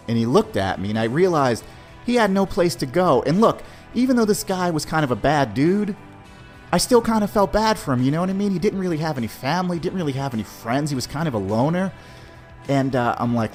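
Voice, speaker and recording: Male podcast host spinning a casual yarn, relaxed delivery, soft music bed. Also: medium pitch, fairly quick. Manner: laid-back, peppers talk with "man". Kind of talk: casual storytelling.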